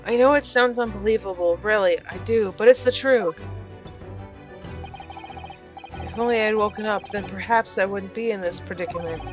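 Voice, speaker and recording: A woman's voice: medium pitch, a little fast, close to an everyday voice, rough recording. A woman voicing an earnest young male law student, shaken but determined, reading a game scene in her own voice. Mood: pleading. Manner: pleading, then resolute. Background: game music.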